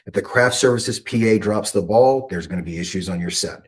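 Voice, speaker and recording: Low-voiced man hosting an interview. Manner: measured, thoughtful, with pauses. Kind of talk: conversational interview.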